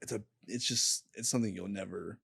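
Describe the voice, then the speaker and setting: A young man, a podcast guest, telling a painful personal story in a candid, halting way and swearing freely. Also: on the low side, fairly even intonation, gravelly, fairly bright tone, breathy edge, no echo, studio quality. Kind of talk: casual storytelling.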